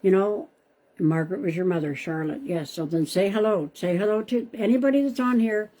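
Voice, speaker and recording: A woman's voice: mid-range voice, brisk, mellow. A woman hosting a live stream as a psychic medium, chatting casually and calling viewers by name, often repeating herself. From Canada.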